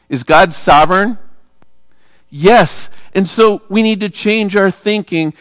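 A man, a pastor, preaching a sermon in a relaxed, conversational way and asking the congregation rhetorical questions. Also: high voice, no room sound, studio quality, big-room sound.

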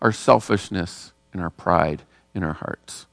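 A man's voice: mid-range voice, sing-song, unhurried, hardly any pauses, dry recording, clean studio sound, big-room sound. Man preaching a conversational sermon. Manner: conversational preaching with rhetorical questions. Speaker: pastor.

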